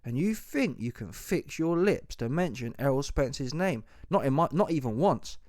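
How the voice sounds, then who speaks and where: A man giving an opinionated solo commentary, talking forcefully in slang and repeating rhetorical questions. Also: mid-range voice, animated, moderate pace, no room sound, studio quality. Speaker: boxing commentary YouTuber. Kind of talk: opinionated monologue.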